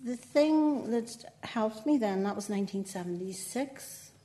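An older Northern Irish woman with a mellow, warm voice. She speaks as a poet guest in a relaxed interview. She chats freely, laughs often and pokes fun at herself. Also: a little high, measured pace. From Northern Ireland. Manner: chatty, laughing often, with self-mocking asides. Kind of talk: conversational interview.

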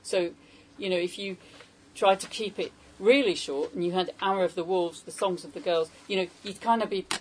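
A woman's voice: fairly low pitch, moderate pace, a little mellow, slight background noise, poor audio. A woman translator giving an informal talk on poetry to a small audience, hesitant and full of questions to the room. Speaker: poetry translator leading a salon.

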